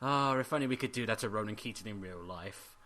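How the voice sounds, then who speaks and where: A man's voice: on the low side, fast talker, pushed and bright. A young man from England co-hosting a movie commentary, groaning in mock despair and laughing often. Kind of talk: casual film commentary chat.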